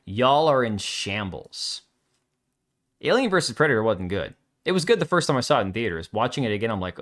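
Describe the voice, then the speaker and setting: A man's voice: mid-range voice, very animated, brisk, a bit bright. Blunt, sarcastic man hosting a livestream. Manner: blunt, sarcastic, reads viewer comments aloud. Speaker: livestream host. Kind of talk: casual live commentary.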